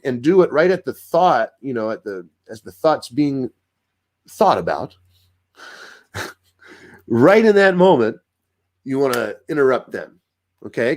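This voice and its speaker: Animated man explaining dog training. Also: mid-range voice. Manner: animated, acts out dogs' thoughts in voices. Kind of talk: casual instructional talk.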